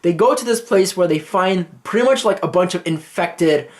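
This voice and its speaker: A man's voice: sits high, expressive, moderate pace. A man casually reviewing a movie, swearing freely as he retells scenes. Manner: casual and profane, acting out scenes.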